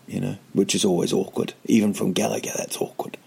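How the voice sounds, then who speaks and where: Low, gravelly-voiced male comedian. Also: little pitch movement, brisk, hardly any pauses, warm tone. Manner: digressive, self-mocking asides. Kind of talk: casual rambling storytelling.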